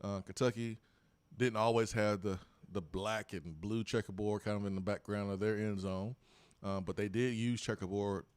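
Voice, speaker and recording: A man's voice: lowish voice, steady tone, normal speed, smooth, no echo. A man hosting a live sports talk show, casual and opinionated, talking into a studio mic.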